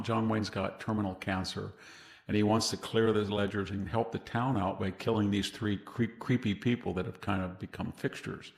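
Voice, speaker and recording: Gravelly low-voiced man telling rambling stories. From California. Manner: rambling anecdotal storyteller, laughs at his own stories. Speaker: guest historian. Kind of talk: casual interview conversation. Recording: roomy echoey sound.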